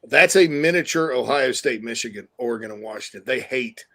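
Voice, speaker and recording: A man's voice: medium pitch, lively intonation, fairly quick, pushed and bright. A man talking college football as a guest on a sports talk show, rambling and restarting as he goes, on a video call. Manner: rambling, with frequent restarts and asides. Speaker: guest commentator. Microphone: desktop mic on a video call.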